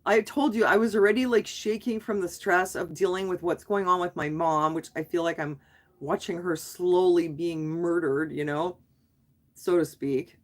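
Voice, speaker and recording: A woman's voice: fairly low pitch, steady tone, normal speed. A middle-aged woman talking on a live stream, venting her frustration in a rambling way, with restarts and trailing sentences. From Canada. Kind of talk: casual live stream chat.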